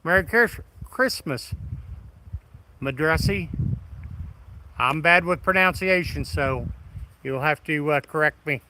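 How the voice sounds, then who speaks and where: A man's voice: on the high side, a little slow, pushed and bright, slight background noise, poor audio. A man hosting a casual live stream, greeting viewers by name in a folksy, friendly way. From Midwest of the United States. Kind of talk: casual live stream chat reading comments.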